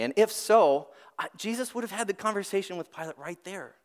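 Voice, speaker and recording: A man preaching a weekend sermon, lively and conversational, with restarts and dramatic swings between loud and soft. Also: a little high, fast talker. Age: adult parent. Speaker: pastor.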